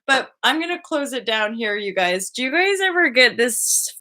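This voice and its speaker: A young woman hosting a live stream and chatting casually to her viewers in a spiritual, rambling way, full of fillers and quick asides. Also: on the high side, very animated, bright, forceful tone.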